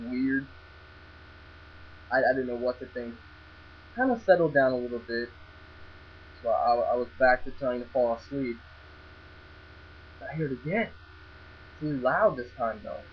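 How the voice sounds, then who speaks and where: Young guy, mid pitch, telling a rambling first-person story with restarts and swearing, on a dull lo-fi recording with faint hum. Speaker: vlogger. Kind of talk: casual storytelling.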